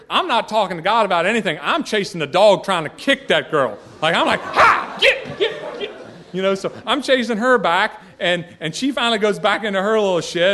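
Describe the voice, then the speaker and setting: A middle-aged man from Georgia tells a personal story in a fairly high, fairly bright voice. He rambles in a folksy way, interrupting himself and often restarting mid-sentence.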